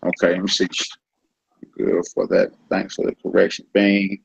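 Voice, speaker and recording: A man teaching a casual online language class, relaxed and conversational, repeating each word slowly for his students. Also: low voice, gravelly, breathy edge, lo-fi sound.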